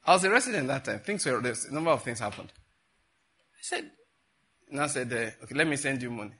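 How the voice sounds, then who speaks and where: A middle-aged Nigerian man preaching a sermon, telling stories with animated, laughing retellings. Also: medium pitch, fairly quick, slightly rough. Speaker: pastor. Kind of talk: sermon with storytelling.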